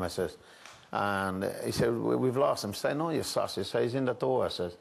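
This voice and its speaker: An Irish man telling a story as a chat show guest, halting and repetitive, with frequent restarts and "I said". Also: on the low side, vocal fry, breathy edge. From Ireland.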